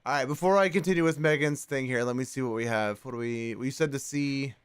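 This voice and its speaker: A playful man chats on a live stream, laughing often and swinging from loud calls to soft murmurs. His voice sits mid-range and sounds close and dry, with no room around it. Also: mid-range voice, fairly quick, clear, resonant tone, no echo. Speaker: streamer host. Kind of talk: casual live-stream chat.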